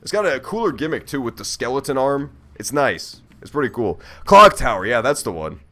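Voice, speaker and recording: A man's voice: mid-range voice, big pitch swings, fairly quick, pushed and bright. A man giving casual gameplay commentary on a stream, joking and swearing as he reacts aloud to the game. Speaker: let's play streamer.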